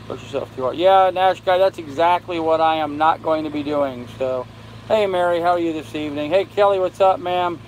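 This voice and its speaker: An older man hosting a casual live stream from his boat, tired and unhurried, greeting viewers by name as he reads their comments. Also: fairly high pitch, rough recording. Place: on a sailboat with air conditioning and fan running. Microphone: phone. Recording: faint fan and air-conditioner hum behind.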